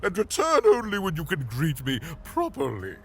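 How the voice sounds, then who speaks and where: A pompous high-voiced noble. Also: male voice, huge pitch swings, moderate pace, slight background noise. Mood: haughty, indignant. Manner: pompous, indignant, theatrical. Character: haughty male noble demanding proper greetings. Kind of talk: video game voice acting.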